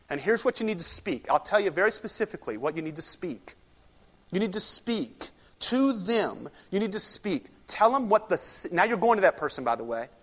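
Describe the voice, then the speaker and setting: Male preacher, high voice, loud emphatic sermon lines dipping to hushed whispers, big hall echo. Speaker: pastor. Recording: long hall reverb.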